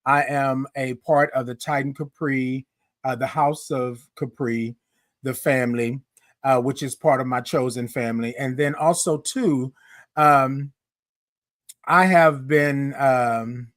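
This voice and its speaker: A man hosting a live-streamed morning show, chatty and lively, calling out greetings to his viewers. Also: medium pitch, no echo, clean studio sound. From Houston, Texas. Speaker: host.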